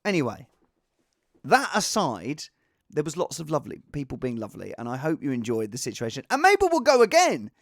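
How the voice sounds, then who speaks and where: A comedian hosting his show in a lively, rambling monologue. His pitch leaps all over the place, he jumps from bursts of shouting to low mutters, and the sound is dry and close to the mic. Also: brisk, no echo. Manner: animated, swings from shouting to mumbling. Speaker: podcast host and impressionist.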